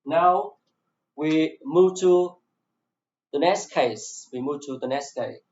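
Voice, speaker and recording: A man with a Vietnamese accent, a native Vietnamese speaker teaching an English class, going very slowly and saying each word several times over. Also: on the high side, a little mellow. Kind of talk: slow classroom explanation. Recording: echoey room, dull lo-fi sound.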